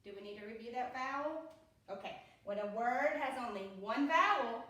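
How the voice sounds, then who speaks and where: A woman teaching a phonics lesson to young children, speaking slowly and patiently and often checking in with "okay?". She has a Southern US accent. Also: on the high side, expressive, sharp tone. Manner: slow, patient, repeats with "okay?". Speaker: pre-K teacher. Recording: echoey room, voice a bit far from mic.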